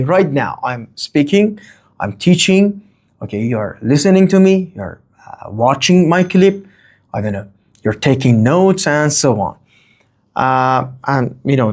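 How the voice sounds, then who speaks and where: A man teaching English grammar in a rambling, lively way, with many asides and checks of "okay?". English is not his first language. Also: medium pitch. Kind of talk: grammar lesson.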